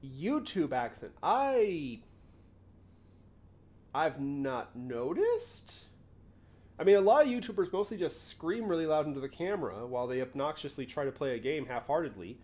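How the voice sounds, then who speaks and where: A man's voice: a little high, very animated, normal speed, darkish tone. A young man hosting a casual livestream, rambling and often interrupting himself to answer chat. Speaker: livestream host.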